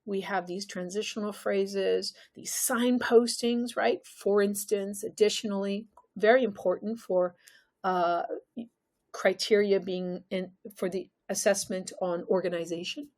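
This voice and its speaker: A woman's voice: medium pitch, steady tone, unhurried, darkish tone. A woman teaching an exam-prep lesson, talking emphatically and putting questions to the viewer.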